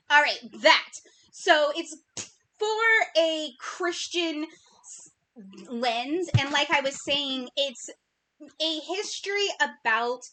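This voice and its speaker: A woman's voice: sits high, bright, forceful tone. A woman co-hosting a podcast in casual chat, bubbly and talkative, sometimes tripping over her words. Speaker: podcast co-host.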